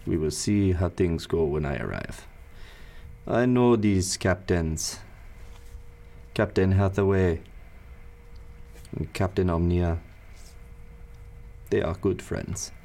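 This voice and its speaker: A man serving as game master, narrating a tabletop game and voicing its characters in a measured, deliberate way. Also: deep voice, animated, creaky, warm tone.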